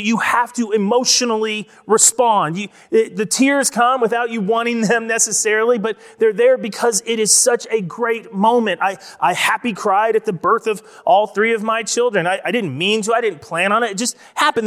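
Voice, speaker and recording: Guy pastor with a pretty high voice, chatty sermon, says things twice for emphasis, big echoey church hall. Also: fairly bright tone. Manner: conversational, repeats words for emphasis. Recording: long reverb of a large hall.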